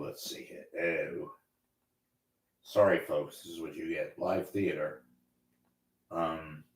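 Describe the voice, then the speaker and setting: A man with a very deep, low voice hosts a live talk show on his own. He meanders from story to story, interrupts himself, and drops dry wisecracks in an unhurried, deadpan way. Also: slightly rough. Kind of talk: rambling live solo talk.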